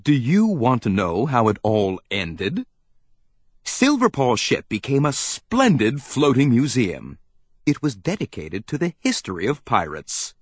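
Casting note: man narrating a children's audiobook, slow and very animated, slightly husky voice, dry sound. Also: mid-range voice, dry recording. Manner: expressive, playful storytelling. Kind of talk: scripted narration.

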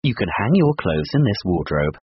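Man reading English phrases, lively pitch. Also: no echo, lo-fi sound. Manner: clear, measured phrasebook delivery. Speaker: language lesson reader.

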